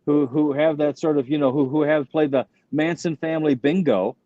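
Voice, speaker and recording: A man in a casual comedians' chat, chatty and quick to laugh, with stammering restarts. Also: fairly high pitch, fairly even intonation, warm tone, no room sound. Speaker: comedian panelist. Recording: dull dry call audio.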